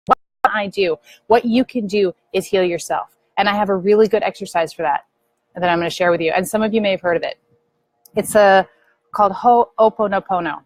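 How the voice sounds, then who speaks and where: A middle-aged woman speaking earnestly to viewers as a spiritual teacher, gently guiding them through a prayer practice. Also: mid-range voice, brisk, no room sound, low-quality recording. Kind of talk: earnest spiritual talk to camera.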